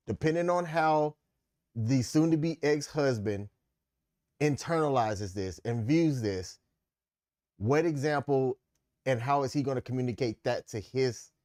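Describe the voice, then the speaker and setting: Measured man co-host, dry sound. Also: mid-range voice, darkish tone, dry recording. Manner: measured, explanatory, playful exclamations. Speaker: podcast co-host. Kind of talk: casual opinion chat.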